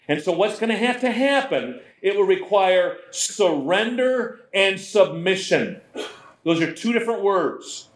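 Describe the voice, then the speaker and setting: A man preaching a sermon as pastor, in a conversational, animated way, often slipping into voices. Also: high-pitched, a little slow. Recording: roomy echo.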